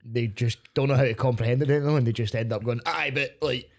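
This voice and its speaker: A Glaswegian man, a comedian guest on a podcast, bantering with quick jokes and plenty of swearing. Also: mid-range voice, fairly even intonation, darkish tone. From Glasgow. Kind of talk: casual chat.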